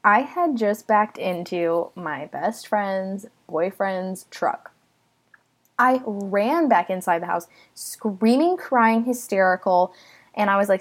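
A woman's voice: medium pitch, unhurried, creaky. A young woman from the United States chatting casually through a personal story, self-deprecating and full of dramatic asides.

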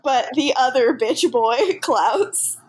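Gushing, profane woman recapping a show. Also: sits high. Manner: gushing, profane, quotes characters in quick bursts. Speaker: podcast co-host. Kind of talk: casual recap chat.

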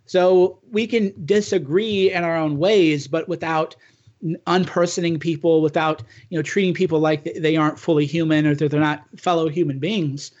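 A man with a notably high voice talks politics in an earnest, emphatic way and keeps restarting his sentences. The recording is dull and lo-fi, with muffled highs. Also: fairly even intonation, moderate pace, a little mellow. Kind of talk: casual political chat.

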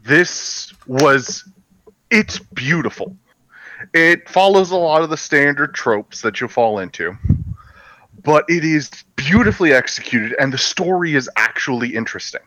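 A man co-hosting a casual movie podcast, his voice bright and forward. He sounds close and dry, with no room around him. He rambles eagerly and often restarts his sentences. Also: fairly high pitch, animated, measured pace, no echo, low-quality recording. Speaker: podcast co-host.

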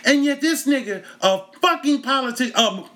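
A man's voice: very high voice, normal speed. A man from Texas, hosting a comedy show and telling a story in a profane stand-up monologue. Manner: profane, animated storytelling, breaks into laughter. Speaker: comedian host.

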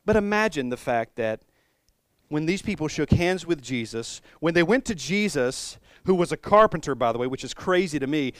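A male pastor delivers a sermon in a relaxed, conversational way, mixing humor with reflective musing. His voice sits a little higher than most men's. The recording is dry and close, with no room echo.

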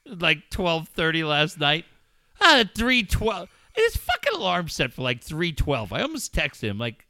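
A man's voice: on the high side, huge pitch swings, a little slow, sharp tone, dry recording, studio quality. A middle-aged male co-host in rowdy, profane comedic radio banter, laughing often. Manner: rowdy, cursing, laughs a lot.

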